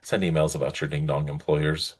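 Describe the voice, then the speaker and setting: A man's voice: very deep voice, flat delivery, darkish tone, husky. A man co-hosting a podcast in casual chat, easygoing and steering the talk along. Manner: easygoing, quick to laugh, steering the conversation. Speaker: podcast co-host.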